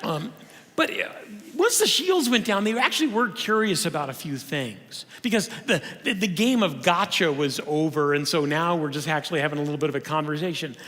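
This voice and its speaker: A male conference speaker tells stories in a high, bouncy voice that swoops all over. He talks in an animated way and often restarts mid-sentence. A long reverb from the church hall hangs behind every phrase. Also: fairly quick. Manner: animated storytelling, frequent restarts. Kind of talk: humorous lecture. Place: church auditorium.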